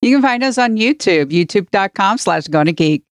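Smooth-voiced female podcast co-host. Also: medium pitch, lively intonation, moderate pace, dry recording. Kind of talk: casual podcast chat.

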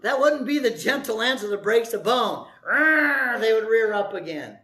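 Middle-aged male pastor, sermon; high, ringing voice, theatrical storyteller. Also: lively intonation, normal speed. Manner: dramatic storytelling, acting out voices, shifting from loud to soft.

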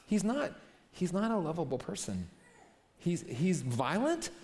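A man preaching a sermon, telling stories in a lively way and acting out short bits of dialogue. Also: fairly high pitch. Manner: animated storytelling, acting out voices and asides. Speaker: pastor. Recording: reverberant hall.

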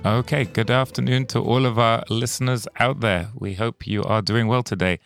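A man hosting a debate podcast, welcoming panelists and framing the topic in a measured, conversational way. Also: medium pitch, fairly even intonation, vocal fry, over loud music. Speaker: podcast host.

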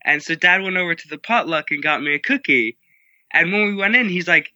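A young man tells his side of a trip story with dry humor and an easy pace. His voice is very bright and a little high, and the sound is close and dry. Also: animated, brisk, no room sound, highs cut off. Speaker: son recounting the trip. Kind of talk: casual storytelling.

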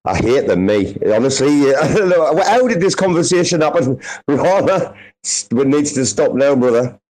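A man's voice: medium pitch, expressive, moderate pace, a little mellow, poor audio. Foul-mouthed Sunderland-accented man. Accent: Sunderland English. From northeast England. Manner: swears heavily, rowdy banter. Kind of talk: casual chat.

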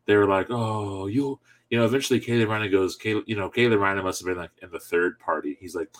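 A man telling a story in casual chat, animated and laughing often as he goes. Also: lowish voice, fast talker.

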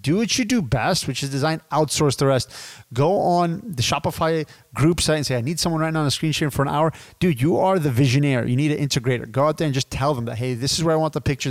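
Man, animated business coach, casual slang, acts out sales calls, slightly high voice. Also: dry recording. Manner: animated, calls listeners dude and my friends. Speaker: guest teacher on a business podcast. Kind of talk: energetic casual teaching.

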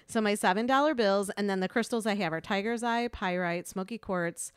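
Middle-aged woman with a smooth voice, dry sound. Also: mid-range voice, fairly quick, no room sound. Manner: profane, rambling storyteller. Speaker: podcast co-host. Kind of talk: casual chat.

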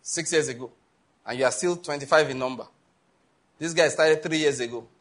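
A man's voice: fairly high pitch, fairly quick, a bit bright. A man preaching a sermon, telling stories and acting out the dialogue with a laugh. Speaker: pastor.

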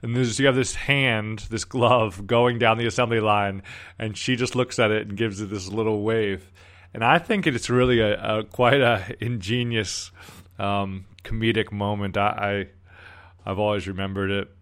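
Man, smooth low voice, casual rambling commentary host. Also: fairly even intonation, normal speed, a bit bright. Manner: rambling, many restarts.

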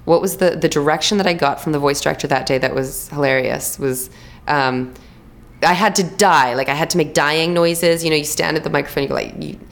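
A young actress and voice actor in a casual interview, telling stories with animated restarts and playful imitations. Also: female voice, low-pitched, vocal fry. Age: young adult. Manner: animated storyteller, quick restarts, lively imitations.

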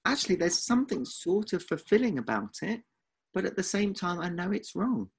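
A man's voice: high voice, big pitch swings, normal speed, vocal fry, husky. A man with an Essex accent co-hosting a podcast in casual chat, teasing and protesting dramatically. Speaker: podcast co-host.

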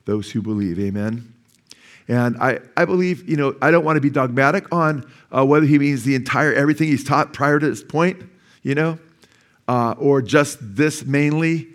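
A man's voice: medium pitch, normal speed. A man of sixty, a pastor, preaching a sermon at a church service. He keeps asking the congregation questions, waits for them to answer, and repeats key phrases for emphasis. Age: 60s.

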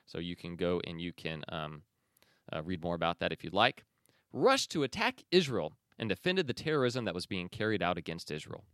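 Male podcast host, opinionated news commentary, smooth clear voice, dry close sound. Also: sits low, big pitch swings, fairly quick, a bit bright, no echo. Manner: opinionated, sarcastic, with many fillers and restarts.

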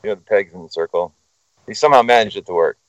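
Talking fast in a lowish voice, a man tells a story as a guest in casual conversation. He's profane, animated, and rambling, and the dry recording sounds dull and lo-fi.

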